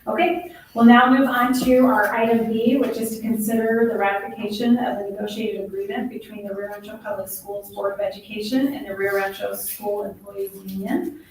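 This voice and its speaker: A woman's voice: mid-range voice, steady tone, brisk. A woman chairing a school board meeting, reading through agenda items in a procedural way. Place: public board meeting room. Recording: echoey room, distant mic, faint noise.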